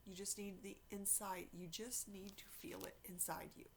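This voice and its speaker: A tired, loving mother soothes her child in a near whisper, as a woman reads her aloud. Her gravelly voice stays quiet and drowsy, with faint noise behind. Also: mid-range voice, flat delivery, moderate pace, close to an everyday voice. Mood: soothing, tired.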